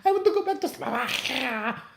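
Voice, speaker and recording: A sobbing, high-pitched trapped first lady. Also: expressive, moderate pace, fairly bright tone, echoey room, a little hiss or hum. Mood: sobbing, wailing. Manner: wailing between laughs and sobs.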